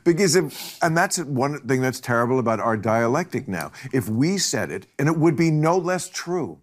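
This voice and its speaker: A man's voice: mid-range voice, sing-song, normal speed. A man hosting a loose, casual conversation, joking wryly and laughing often as his sentences trail off. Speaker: host.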